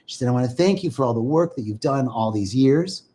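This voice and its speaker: A man's voice: medium pitch, expressive, brisk, mellow. A man hosting a spiritual live stream, talking casually and enthusiastically to viewers and greeting them by name.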